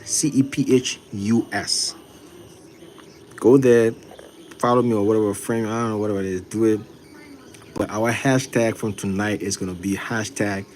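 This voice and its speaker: A man's voice: fairly low pitch, darkish tone, slight background noise. A man, a content creator talking earnestly and repetitively to viewers on a livestream. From Liberia. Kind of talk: livestream chat.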